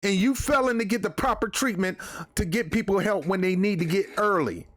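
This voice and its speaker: Heated high-voiced man ranting. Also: brisk, fairly bright tone. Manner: heated, repetitive, colloquial. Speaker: commentary host. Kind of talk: political rant to camera.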